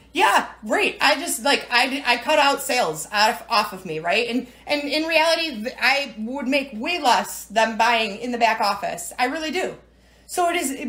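Tearful high-voiced woman, chatty. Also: fairly bright tone. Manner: chatty, rambling, emotional, frequent "right?" and "you know". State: tearful, near crying. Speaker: direct-sales team leader. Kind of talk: casual livestream talk to viewers. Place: at home.

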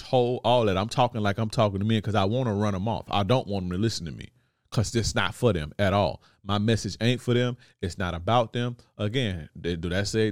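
Blunt slangy man, low dry voice. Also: no echo. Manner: blunt, repeats "you see what I'm saying"; slangy, profane. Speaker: podcast host. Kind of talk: casual monologue to listeners.

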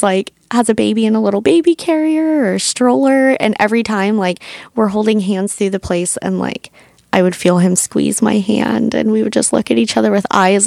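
Chatty woman in her 30s telling her story, says like a lot, bit of vocal fry, dry sound. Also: medium pitch, no room sound. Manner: chatty, filler-heavy, animated retelling. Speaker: podcast host, doula. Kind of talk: personal storytelling.

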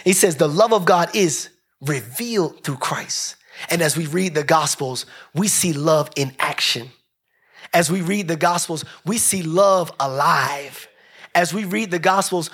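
A man preaching a sermon as pastor, building rhythmic repeated phrases and dropping soft and low for emphasis. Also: husky.

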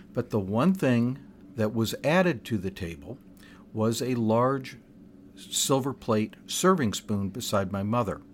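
An older man hosting a podcast, telling personal stories in a relaxed, conversational way with frequent restarts and asides. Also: medium pitch, slight background noise. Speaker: podcast host. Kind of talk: casual personal storytelling.

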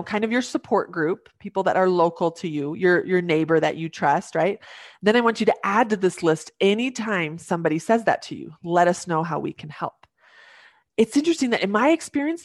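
A young woman with a lowish voice appears as a podcast guest, earnestly coaching listeners through practical tips. She acts out phrases they might use, her advice warm and encouraging. The recording is dry and studio quality.

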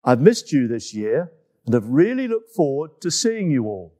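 A man reading a children's story aloud in an expressive, unhurried way as the host of a summer story time. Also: mid-range voice.

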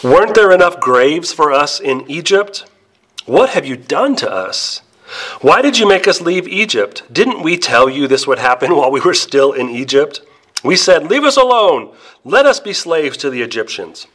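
A man's voice: fairly high pitch, very animated, normal speed, a bit bright, voice pushed up. A man voicing the grumbling, frightened Israelites in a sermon retelling, with whiny, pleading complaints. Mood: whining.

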